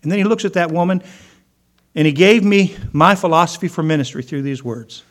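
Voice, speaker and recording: Storytelling pastor, fairly high voice. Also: male voice, brisk. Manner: storytelling, acting out quoted voices. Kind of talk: sermon.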